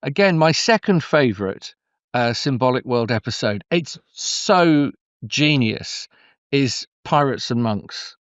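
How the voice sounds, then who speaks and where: A man's voice: medium pitch, animated, slow, no room sound. Rambling middle-aged Englishman, dull lo-fi sound. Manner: meandering, effusive, full of restarts. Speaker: guest storyteller. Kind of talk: conversational interview.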